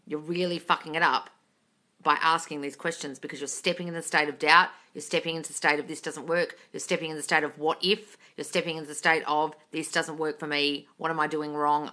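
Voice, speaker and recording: Blunt, sweary woman coach with bright tone. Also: low-pitched, flat delivery, brisk. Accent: slight British intonation. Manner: blunt and sweary, reads chat questions aloud. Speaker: manifesting coach answering live chat questions. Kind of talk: casual live Q&A.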